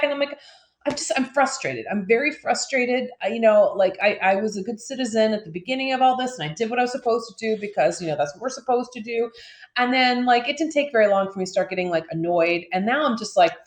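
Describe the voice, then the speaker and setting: A woman's voice: mid-range voice, quick pace, roomy sound. A woman co-hosting a podcast who rants in a frustrated, rambling way, full of fillers and swearing. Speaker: podcast co-host. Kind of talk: casual ranting chat.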